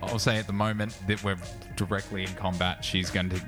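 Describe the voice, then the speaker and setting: A man's voice: sits low, flat delivery, fairly quick, music in the background. A young man narrating as game master, casual, with many fillers.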